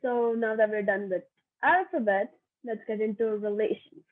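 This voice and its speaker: A young woman giving a recorded online lesson, slow and patient, repeating each example aloud. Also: a little high. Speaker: workshop teacher. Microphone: online video lesson. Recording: tinny phone-like audio.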